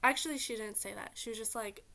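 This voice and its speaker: A woman vlogger speaks quickly in a higher voice, rambling through a story stuffed with fillers, lots of "like"s, and exasperated asides. Her venting is lively and animated.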